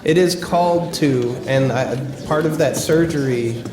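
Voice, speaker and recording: Podcast co-host, man, chatty and enthusiastic, slightly higher voice, roomy sound. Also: measured pace, noisy background. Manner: enthusiastic, chatty, swears casually. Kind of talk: casual chat.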